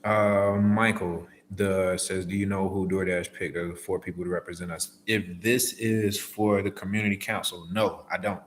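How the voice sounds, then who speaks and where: A man's voice: low-pitched, level tone, moderate pace, few pauses, a little hiss or hum. A man in casual livestream chat, laid-back and slangy, answering viewers' questions as a delivery driver. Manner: laid-back, slangy, acts out phone calls.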